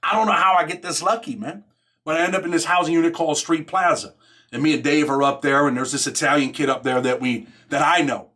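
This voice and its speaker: A man with a fairly high voice tells a rough story from his past in loose, streetwise talk. He is profane and keeps tossing "man" into his sentences, the way a host talks straight to his viewers. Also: steady tone, fast talker, sharp tone. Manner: streetwise, profane, fills nearly every phrase with "man". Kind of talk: casual storytelling.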